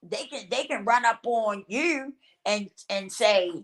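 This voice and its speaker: A woman's voice: a little high, slow pace. A woman vlogger in a blunt, repetitive talking-to-camera rant who swears casually and laughs often.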